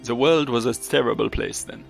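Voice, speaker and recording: A man's voice: mid-range voice, normal speed, vocal fry, soft background music. A man voicing a solemn exiled male bird-folk warrior in a put-on French accent for a video game let's play. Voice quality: accent degrading as it goes.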